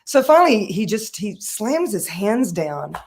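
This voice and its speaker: A woman's voice: medium pitch, very animated, a little slow, a little mellow. A woman speaking as a guest on a talk show, telling a personal story with animation, often laughing and acting out the voices of people she quotes. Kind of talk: conversational storytelling.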